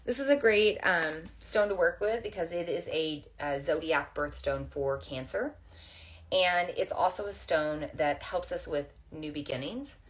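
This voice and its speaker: A woman with a low voice talks gently to a camera in a room at home, teaching spiritual topics. She meanders in a casual way and uses plenty of fillers. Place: indoors at home under overhead lights. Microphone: camera facing her.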